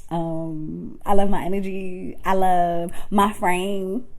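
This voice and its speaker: A woman's voice: lowish voice, slow pace. A woman vlogger giving a casual, playful motivational talk straight to her viewers. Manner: animated, playful, talks straight to her audience.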